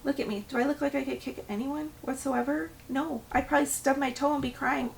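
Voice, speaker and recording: A middle-aged woman who works as a property manager tells a story in a vlog, animatedly acting out the voices of the people she quotes. Her voice sits high and sounds gravelly, she speaks briskly, and she was recorded from a distance.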